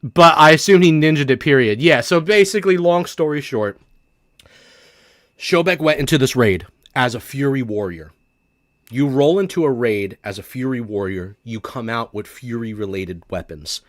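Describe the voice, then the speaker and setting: A young man livestreaming a game, talking casually and excitably, laughing a lot and swearing freely. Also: medium pitch, moderate pace, dry recording, clean studio sound. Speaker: streamer. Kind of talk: casual live-stream reaction commentary.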